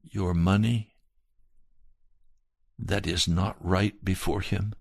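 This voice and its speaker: A man preaching a slow, earnest sermon and telling a personal testimony. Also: sits low, steady tone, creaky, a little mellow, husky, no room sound, clean studio sound. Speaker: pastor.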